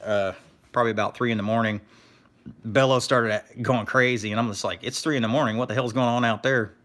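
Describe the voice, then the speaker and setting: A man's voice: mid-range voice, steady tone, fairly quick, fairly bright tone. Laid-back man telling scrapping stories. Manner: laid-back storyteller, reads chat aloud. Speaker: scrapper streamer. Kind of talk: casual live-stream chat.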